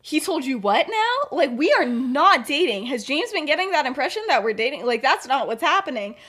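A woman's voice: sits high, sing-song, a little fast, a bit bright. A woman voicing a hungover young woman who insists and denies in a flustered way. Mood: defensive.

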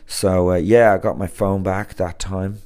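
A man talks casually as a podcast host. His voice sits very low. He rambles, circling back with fillers and restarts. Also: steady tone, unhurried, mellow, smooth.

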